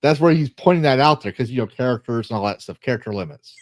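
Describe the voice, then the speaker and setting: A male host in a casual online discussion, his pitch swinging widely as he reads posts aloud and picks them apart with blunt swearing. The sound is close and dry on a desk mic. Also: animated, quick pace, no room sound.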